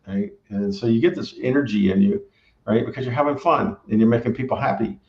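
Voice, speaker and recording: A man's voice: medium pitch, a little fast. A man who owns a barbecue restaurant gives rambling, casual advice and keeps tagging his sentences with "right?". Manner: rambling, filler-heavy, keeps asking "right?". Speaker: restaurant owner and pitmaster. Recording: roomy, dull lo-fi sound.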